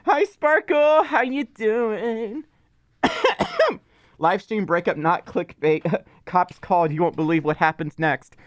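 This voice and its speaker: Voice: mid-range voice, slow, dry recording. Playful streamer with a cough. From Mississippi. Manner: rambling, playful, teasing. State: lingering cough. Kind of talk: casual livestream chat.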